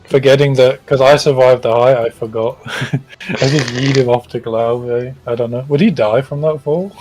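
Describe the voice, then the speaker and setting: A man plays in a tabletop game, talking casually and firing off quick questions about his character. His voice sits at an ordinary mid pitch. Faint music runs behind him. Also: fairly even intonation, a little mellow, poor audio. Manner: chatty, asks quick questions. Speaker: player.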